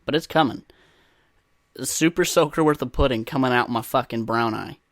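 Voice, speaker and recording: A man's voice: mid-range voice, normal speed, fairly bright tone, no room sound, studio quality. Profane young man telling crude stories. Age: 20s. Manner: profane, rambling, self-mocking. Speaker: podcast host. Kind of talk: casual crude storytelling monologue.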